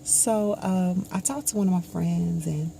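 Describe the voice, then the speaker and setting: A woman with a gravelly, lowish voice tells a personal story, slowly and reflectively. She often drops into a hushed tone. Steady background noise sits under the recording. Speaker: vlogger.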